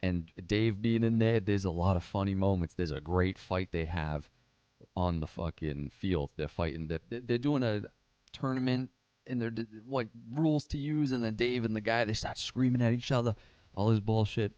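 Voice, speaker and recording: A man's voice: lowish voice, fairly even intonation, normal speed, darkish tone, dry recording, dull audio. A young man hosting a casual livestream, chatting in a laid-back, profane, slangy way and answering live chat comments. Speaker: livestream host.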